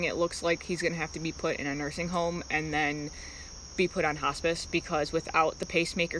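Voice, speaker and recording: Bright-voiced woman rambling on a live stream. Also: fairly low pitch, a little hiss or hum, low-quality recording. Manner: rambling, halting, breaks off to greet viewers by name. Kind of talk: casual live-stream chat.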